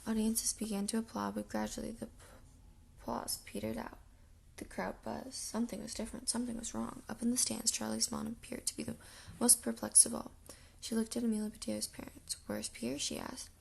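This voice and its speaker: Gravelly, breathy woman reading a storybook. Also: on the high side, little pitch movement, fairly quick. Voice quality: gravelly, rough voice. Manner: soft, breathy, half-whispered reading. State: early-morning roughness. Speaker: audiobook reader. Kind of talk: reading a children's chapter book aloud.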